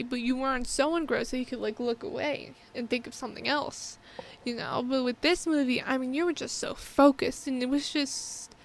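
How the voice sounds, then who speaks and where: A woman giving a casual spoken movie review, talking in an excited, emotional way and rambling with many restarts. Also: sits high, vocal fry, slight background noise.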